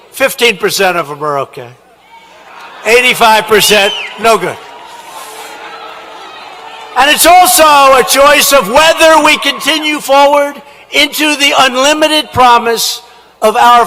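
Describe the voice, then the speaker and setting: A man giving a campaign rally speech in a large indoor hall, shouting with emphatic, repetitive phrasing into a podium microphone. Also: very high voice, a little slow, slight background noise. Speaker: politician at a rally.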